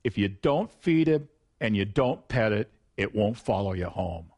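A man voicing a small, fiery English mother who scolds her son, speaking lower and quieter than his own voice. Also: expressive, measured pace. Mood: stern.

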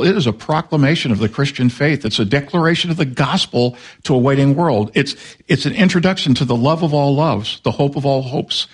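An older male pastor preaching a sermon in a conversational way, with quick asides and acted-out dialogue. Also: medium pitch, breathy edge.

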